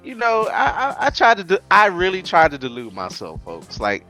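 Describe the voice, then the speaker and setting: A man with a New Orleans accent chatting as a guest on a casual podcast, animated and quick with asides. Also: sits high, faint music behind. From Louisiana. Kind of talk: casual chat.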